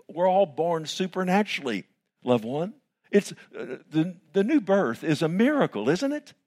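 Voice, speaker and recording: Lively man preaching a sermon. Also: fairly high pitch. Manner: animated preaching, rhetorical questions, addresses listeners as "loved one". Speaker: pastor.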